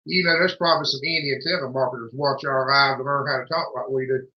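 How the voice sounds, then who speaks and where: A man's voice: mid-range voice, fairly even intonation, fast talker. A man with a Southern US accent, telling folksy stories as a livestream co-host in casual chat. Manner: folksy drawling storyteller. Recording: echoey room, dull lo-fi sound.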